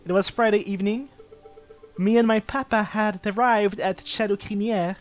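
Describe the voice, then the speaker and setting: A man's voice: high-pitched, fairly even intonation, moderate pace, soft background music, pitched above the performer's own voice, lightly acted. A man voicing a cheerful, naive young cat lady in a game playthrough, talking sweetly with a light, giddy manner. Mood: chatty.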